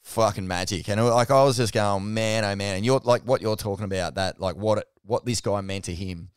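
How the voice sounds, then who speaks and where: A man's voice: fairly low pitch, a little fast, clear, resonant tone, dry recording, clean studio sound. A man hosting a casual chat, telling stories animatedly and swearing freely. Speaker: podcast host.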